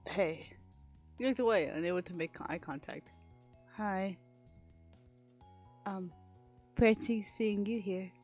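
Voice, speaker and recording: A woman streamer reads a story game's narration aloud in a mid-range voice, breaking off into chatty, swearing asides. Soft game music plays underneath. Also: medium pitch. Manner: chatty, laughs and swears between lines. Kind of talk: reading a visual novel aloud on a live stream.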